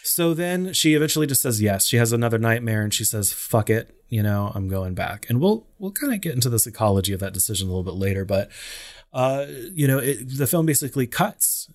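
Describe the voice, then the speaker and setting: A man's voice: medium pitch, sing-song, quick pace. A man co-hosting a podcast, chatting casually about a movie and padding his sentences with "you know". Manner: rambling, frequent "you know" fillers. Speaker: podcast co-host. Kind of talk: casual film discussion.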